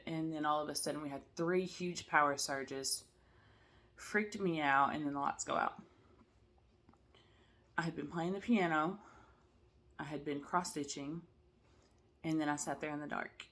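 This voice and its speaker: Tired, chatty woman with a low-ish voice. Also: a bit bright. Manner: chatty, rambling, many fillers and asides. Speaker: cross-stitch vlogger. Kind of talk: casual chat to camera.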